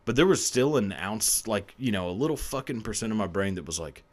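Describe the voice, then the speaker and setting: A male podcast host tells a confessional story in a casual, rambling way, swearing freely and laughing often. He speaks fairly quickly in a fairly low voice with lively intonation.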